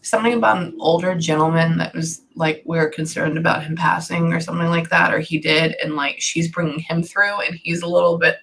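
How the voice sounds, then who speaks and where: Bright-voiced woman giving a rambling reading. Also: deep voice, fairly even intonation, brisk, creaky, few pauses, slight background noise. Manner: rambling, heavy use of "like". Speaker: psychic medium. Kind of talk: casual spirit reading.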